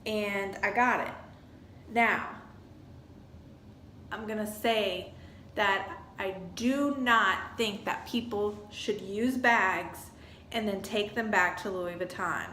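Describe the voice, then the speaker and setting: Woman vlogger, lively casual storytelling, mid pitch, roomy echo. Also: takes it slowly, slight background noise. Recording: echoey room with faint ambience.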